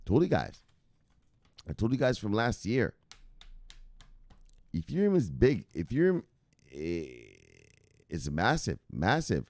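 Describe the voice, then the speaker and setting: Low, lively-voiced man hosting a livestream. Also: slow pace, long pauses, dry recording. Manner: profane, rambling, loud catchphrase sign-offs. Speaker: host of a cryptocurrency news livestream. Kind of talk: casual livestream chat.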